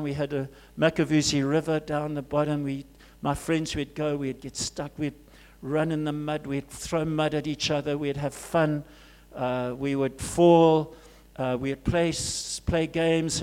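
Male pastor from Zimbabwe, high voice, dramatic sermon delivery, loud cries dropping to near whispers. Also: clean tone. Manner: swings from loud urgent cries to soft hushed asides.

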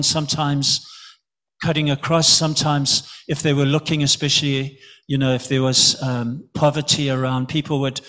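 A man's voice: on the high side, a bit bright. A man from Zimbabwe, preaching an earnest sermon and often repeating words for emphasis.

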